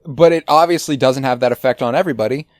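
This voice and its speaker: Man, podcast host, casual and sweary, mid pitch, dry close mic. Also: fast, dry recording. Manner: loose, sweary, recaps scenes and acts out quotes.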